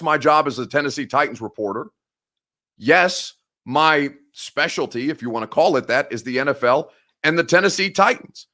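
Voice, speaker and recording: A man's voice: fairly high pitch, fairly bright tone. A young man from Indiana with a Midwestern American accent, hosting a sports talk show and ranting with heated sarcasm and free swearing. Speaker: sports radio host.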